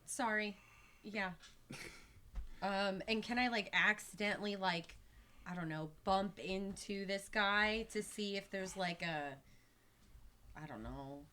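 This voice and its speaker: A woman's voice: mid-range voice, slow, pauses often. A woman playing a tabletop role-playing game, casual and giggly. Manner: giggly, animated. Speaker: player.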